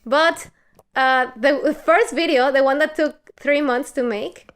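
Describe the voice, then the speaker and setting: A woman from Mexico, a podcast guest telling stories in an animated, expressive way. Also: high-pitched, slow pace. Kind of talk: casual chat.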